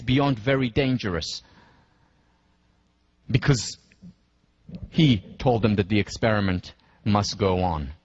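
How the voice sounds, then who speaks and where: A man lecturing in a deliberate, emphatic way, slowing down to stress key points and leading listeners through scenarios step by step. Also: medium pitch, no room sound, lo-fi sound. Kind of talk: university lecture.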